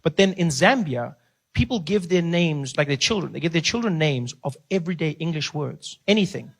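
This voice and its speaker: A man from South Africa performing stand-up comedy, telling an animated story full of characters. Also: a little high, moderate pace, vocal fry, in a large hall.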